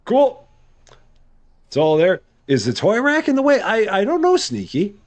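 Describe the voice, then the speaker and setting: A man's voice: sits high, wildly swooping pitch, a little slow. Chatty man streaming a game. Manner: chatty, thinking aloud, good-humored. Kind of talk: casual live gameplay commentary.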